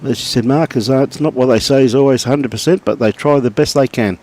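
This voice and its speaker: Greeting viewers by name as he chats, a middle-aged Australian man provides easygoing live lawn bowls commentary. He speaks fairly quickly in a mid-range voice.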